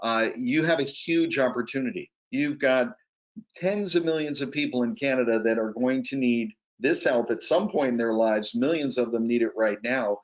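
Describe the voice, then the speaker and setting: A man's voice: mid-range voice, moderate pace. Male webinar presenter, persuasive and pressing, muffled video-call audio. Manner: energetic, urgent, persuasive. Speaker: guest presenter. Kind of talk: sales pitch on a webinar.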